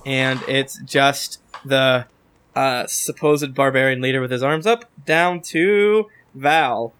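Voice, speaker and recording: Bright-voiced man running a tabletop game. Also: mid-range voice, takes it slowly, clean tone. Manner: loose, joking, often restarts lines. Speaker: dungeon master.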